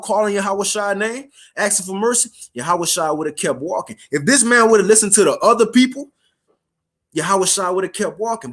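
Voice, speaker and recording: A man preaching a casual street sermon, reading scripture slowly and formally, then explaining it in slang and checking in with his listeners. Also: high voice, fairly bright tone.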